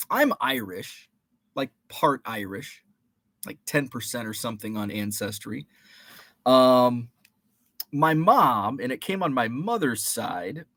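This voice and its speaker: A man's voice: mid-range voice, fairly bright tone, no echo, clean studio sound. A man hosting a casual live stream, chatting and greeting viewers by name with rambling asides. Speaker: podcast host.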